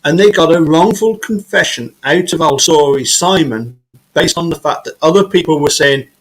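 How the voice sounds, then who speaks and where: A man hosting a live online chat, his voice sitting a bit higher than most men's. He talks in halting bursts, repeating words as he feels his way through each thought, heard over a video call. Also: poor audio. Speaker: host.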